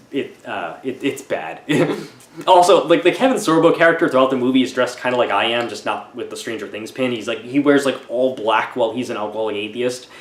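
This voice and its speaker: A man reviewing a film in a casual, sarcastic rant, halting often and restarting his sentences. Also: mid-range voice, reverberant.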